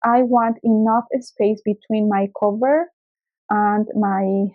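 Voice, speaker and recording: Slow, careful woman crafter. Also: mid-range voice, steady tone, narrow, tinny audio. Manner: slow, careful explaining with fillers. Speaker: craft tutorial host. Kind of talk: step-by-step craft tutorial.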